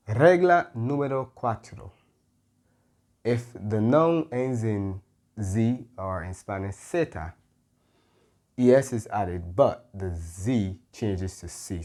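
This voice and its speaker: A man teaching a Spanish grammar lesson, patient and careful, often pausing with "mm-hmm" and correcting himself. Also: lowish voice, dark tone. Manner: patient, stops to self-correct, frequent "mm-hmm" fillers. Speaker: Spanish tutor.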